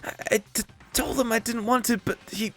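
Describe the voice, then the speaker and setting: A man's voice: fairly even intonation, fairly quick, fairly bright tone, faint music behind. Man putting on a stammering, whiny teen girl. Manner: stammering, high and plaintive. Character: timid, jittery teenage girl, neurotic and whiny.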